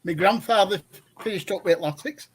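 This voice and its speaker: A man's voice: high-pitched, moderate pace, a bit bright, slightly rough. An older man calling in to a fan phone-in, telling long rambling stories with many hesitations. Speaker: caller. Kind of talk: phone-in chat.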